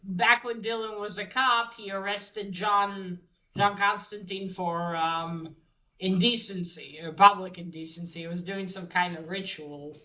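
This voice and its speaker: A woman's voice: mid-range voice, fairly even intonation, a little slow, pushed and bright, low-quality recording. A woman casually recapping a comic book story, swearing freely and retelling each scene with lots of fillers.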